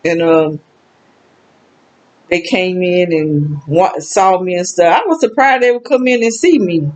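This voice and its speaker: Poor audio captures an older woman with a Southern US accent talking by herself to the camera, her fairly low, slightly mellow voice unhurried. The casual personal monologue is rambling and emotional, sad in mood yet dotted with laughs and exclamations.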